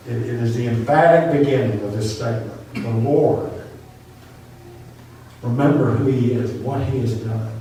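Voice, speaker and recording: A man's voice: medium pitch, warm tone, slight background noise. A man preaching a sermon, telling a story with earnest, repeated emphatic phrases. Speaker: pastor. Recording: very echoey room from far off.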